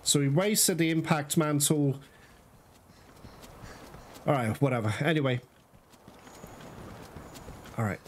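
A man's voice: on the high side, slight background noise. A man doing let's-play commentary, exasperated and swearing often as he talks to his viewers. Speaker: gaming channel host. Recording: loud game music behind voice.

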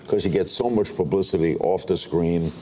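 A man's voice: sits low, moderate pace, warm tone, a little hiss or hum. An older man hosting a studio talk show, asking short prompting questions and reading links to the next segment.

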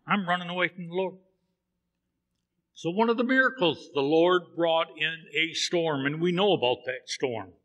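A man with a fairly high, bright, forceful voice preaches a sermon, telling the story with feeling and voicing the characters in turn. His words ring out in a church with a long, lingering reverb. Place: church sanctuary.

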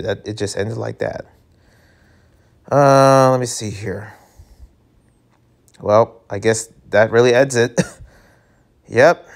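A man reading a webcomic aloud, reacting in a casual, chatty way. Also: mid-range voice. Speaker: webcomic reader.

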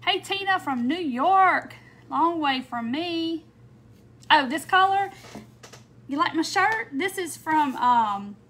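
Chatty high-voiced woman. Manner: chatty, warm welcomes, frequent little laughs and "um"s. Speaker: craft livestream host. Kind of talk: casual livestream chat, greeting viewers.

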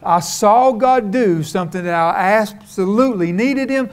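Fervent high-voiced preacher man. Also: moderate pace. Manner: storytelling, folksy, rising to fervent. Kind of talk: sermon.

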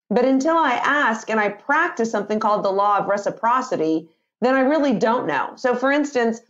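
A woman in her fifties, a communication author and sales trainer, talking energetically in a podcast interview and acting out phrases in lively voices. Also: on the high side, lo-fi sound.

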